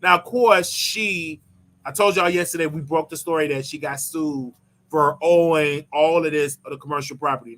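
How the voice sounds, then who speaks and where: Bright, sarcastic male show host. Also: a little high, moderate pace. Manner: sarcastic, provocative ranting. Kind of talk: solo commentary show.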